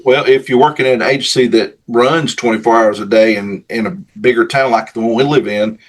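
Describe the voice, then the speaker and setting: A man who is a paramedic and pastor, talking in a measured way with dry, dark humor as a guest. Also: medium pitch, steady tone. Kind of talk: casual interview chat.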